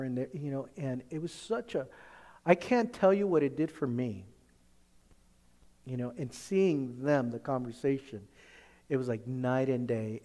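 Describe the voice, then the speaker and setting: A man casually recounting a personal faith encounter, animated when quoting others and restarting often. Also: in a large hall. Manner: animated retelling, quoting others with rising pitch, repeated restarts. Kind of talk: casual testimony storytelling.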